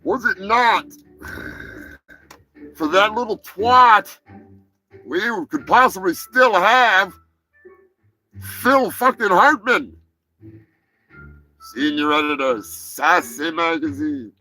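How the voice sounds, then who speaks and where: A man hosting a live podcast, giving a profane mock apology that swings from slow solemn talk to shouted rage. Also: high voice, lively intonation, faint music behind, low-quality recording. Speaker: podcast host. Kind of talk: mock-apology comedy rant.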